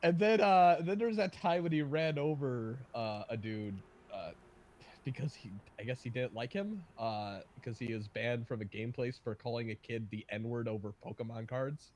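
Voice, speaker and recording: A man chatting casually on a livestream, telling stories with loud bursts of emphasis and laughter. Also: medium pitch, normal speed, slight background noise.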